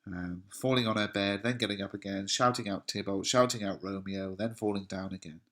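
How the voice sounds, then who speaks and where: A man's voice: lowish voice, fairly even intonation, fairly quick, fairly bright tone. A man, an English teacher, paraphrasing a play line by line in a casual way. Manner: plain paraphrasing, casual fillers.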